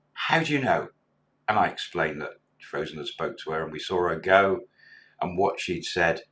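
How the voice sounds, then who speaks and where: A man's voice: low voice, fairly bright tone. A middle-aged man, a former bar manager, casually tells a story and acts out the quoted dialogue in a chatty way.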